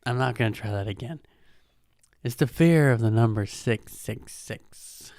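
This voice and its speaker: A man's voice: mid-range voice, a little slow, vocal fry, darkish tone, no echo, clean studio sound. A man hosting a podcast, riffing in a mocking, profane way and laughing at his own jokes. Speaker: podcast host. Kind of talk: casual comedic monologue. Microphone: podcast microphone.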